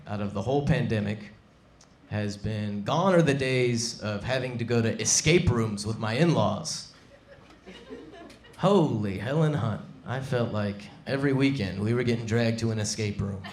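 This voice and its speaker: A man performing a live stand-up set on a comedy club stage, wry and deadpan, speaking into a stage mic. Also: fairly low pitch. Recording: echoey club with loud crowd.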